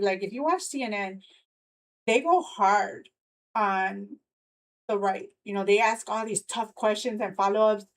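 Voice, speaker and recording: A woman's voice: mid-range voice, rough recording. A woman hosting a live news stream, talking loosely with many fillers and frequent laughter. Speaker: livestream host. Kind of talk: casual live commentary.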